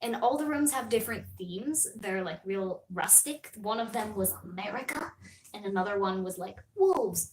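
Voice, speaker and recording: A young woman streams live, chatting casually to her viewers in a rambling, giggly and self-deprecating way. Her voice sits a little high. The sound is roomy, and her voice is picked up by a mic some distance from her. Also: very animated, measured pace, a bit bright, slight background noise. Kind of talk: casual livestream chat.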